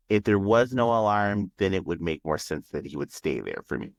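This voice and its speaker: A man co-hosting a casual podcast recap, speaking in a calm, measured way. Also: fairly low pitch, no echo. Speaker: podcast co-host.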